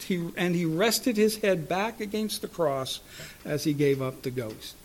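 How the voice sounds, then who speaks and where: A man preaching a sermon, moving between loud cries and hushed asides, asking his listeners rhetorical questions. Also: fairly high pitch. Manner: slow, deliberate delivery with rhetorical questions.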